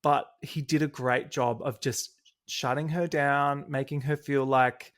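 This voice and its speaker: An Australian man hosting a podcast, bubbly and energetic and quick to laugh in casual chat. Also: medium pitch. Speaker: podcast host. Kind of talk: casual chat recapping a reality show.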